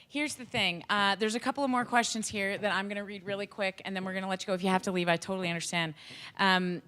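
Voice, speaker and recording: A woman speaker and youth hockey coach giving an energetic, joking talk to educators. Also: mid-range voice.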